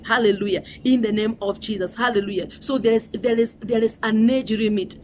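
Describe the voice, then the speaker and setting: A woman's voice: fairly high pitch, steady tone, fairly quick, darkish tone, slight background noise. A middle-aged woman with a Kenyan accent preaching a sermon, emphatic and repetitive, often saying "you know" and "Hallelujah".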